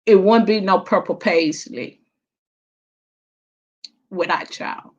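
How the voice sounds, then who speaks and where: Speaking slowly at a medium pitch, a woman chats casually with her livestream audience. Her manner is warm, affectionate and drawn-out with emotion, she addresses viewers as "baby" and "child," and the stream sounds dull and lo-fi.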